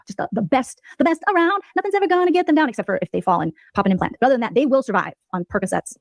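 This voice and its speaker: A woman giving sarcastic, mocking gossip commentary as a streamer, telling the story in an animated way. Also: fairly high pitch, rapid-fire, vocal fry, hardly any pauses, dry recording.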